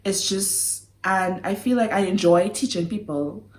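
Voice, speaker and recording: A woman's voice: mid-range voice, measured pace. Giggly woman vlogging. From Trinidad. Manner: giggly, animated and apologetic. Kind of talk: casual vlog chat. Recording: echoey room.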